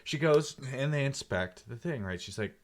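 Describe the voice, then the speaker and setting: A man co-hosting a casual chat reviewing a TV episode, retelling scenes in an animated, conversational way. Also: mid-range voice, normal speed. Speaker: co-host.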